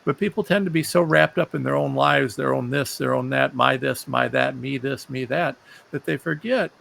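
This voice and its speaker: A man's voice: mid-range voice, normal speed, gravelly, fairly bright tone. A man hosting an interview, talking earnestly and often repeating words as he gathers his thoughts. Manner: earnest, repeats words while searching for them. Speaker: show host. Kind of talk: conversational interview.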